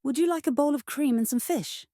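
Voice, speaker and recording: A woman voicing a lonely, excitable young witch in a storybook reading, with a bright, exclamatory manner. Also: sits high, fairly quick, pitched above the performer's own voice, close to an everyday voice. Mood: cheerful.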